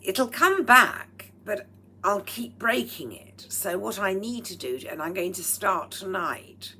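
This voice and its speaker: A woman vlogging at home with a throaty, strained voice, speaking in a slow, deliberate and slightly formal way and often dropping into breathy whispered asides. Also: mid-range voice, expressive, pushed and bright. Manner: proper, slightly formal phrasing. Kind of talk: rambling personal vlog monologue. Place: at home while cooking. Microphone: speaking into a microphone.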